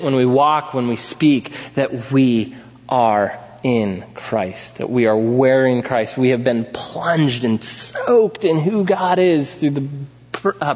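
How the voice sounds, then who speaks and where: A man preaching a sermon, putting questions to the congregation and building to loud, emphatic peaks. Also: medium pitch. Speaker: pastor. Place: church sanctuary. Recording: dull sound in a reverberant hall.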